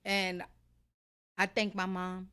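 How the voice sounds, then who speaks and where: Woman podcast guest, salon founder, emphatic confiding storyteller with a sharp, bright voice. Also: lowish voice, completely flat delivery, slow, slight background noise. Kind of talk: animated personal storytelling.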